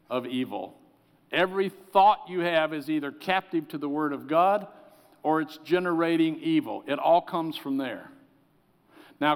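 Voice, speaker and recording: A man delivers an earnest sermon as pastor, his voice a little higher than most men's. His voice sometimes sinks to soft, pleading tones. It rings out with a long reverb, as in a large church.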